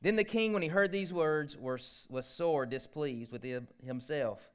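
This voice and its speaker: A man preaching a sermon in church, swinging between loud emphasis and hushed asides and acting out prayers. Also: on the high side, a little slow, clear, resonant tone. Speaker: pastor.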